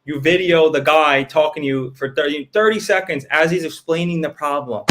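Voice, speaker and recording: Casting note: fast-talking man, slightly high voice, blunt and profane, coaching a tradesman. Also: a bit bright. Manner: blunt, profane, restless, acts out customer quotes. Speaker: host giving business advice. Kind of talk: casual profane advice chat.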